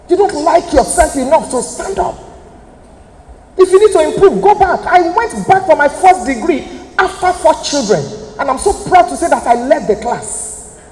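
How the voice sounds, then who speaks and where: Nigerian woman, 50s, high animated voice, motivational speaker in a reverberant hall. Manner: emphatic, preacherly, direct appeals to listeners. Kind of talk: motivational talk to an audience. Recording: echoey hall, faint room noise.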